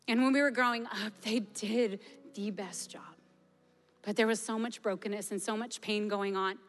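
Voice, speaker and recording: A woman in her forties giving a passionate sermon testimony and prayer, at times dropping to a hushed voice. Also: medium pitch, fairly even intonation, moderate pace. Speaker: preacher. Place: large church hall. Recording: reverberant hall with soft music. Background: soft music.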